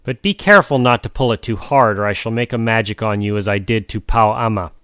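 A man's voice: on the low side, a little fast, a bit bright, clean tone, dry recording, clean studio sound, close to an everyday voice. A man voicing a stern, commanding old male magician in a storybook reading, who hands down decrees.

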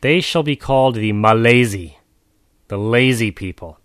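A man's voice: mid-range voice, measured pace, fairly bright tone, no echo, clean studio sound, close to an everyday voice. A man voicing a stern, commanding old male magician in a storybook reading, who hands down decrees.

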